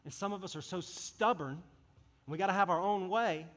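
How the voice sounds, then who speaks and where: A man's voice: sits high, brisk, a bit bright. Impassioned male preacher in a reverberant hall. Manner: earnest, impassioned, conversational preaching. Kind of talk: sermon. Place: church service hall.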